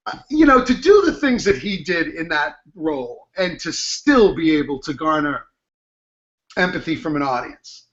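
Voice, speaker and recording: Middle-aged male actor guest, high bright voice, animated anecdote teller, lo-fi video call. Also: normal speed. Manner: animated storyteller, acts out quotes, laughs often. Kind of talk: casual interview chat. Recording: dull lo-fi video call audio.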